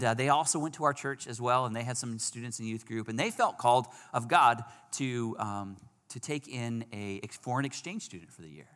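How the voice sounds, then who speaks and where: A man preaching, telling a personal story with animated swings between loud outbursts and hushed moments. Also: mid-range voice. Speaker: pastor. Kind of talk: sermon storytelling. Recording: long hall reverb.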